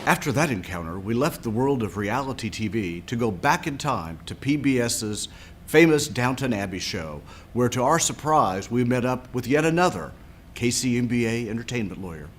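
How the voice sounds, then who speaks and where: A man's voice: mid-range voice, expressive, normal speed, slight background noise. A man acting as a TV interviewer in a scripted comedy sketch, asking incredulous questions. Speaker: mock TV interviewer.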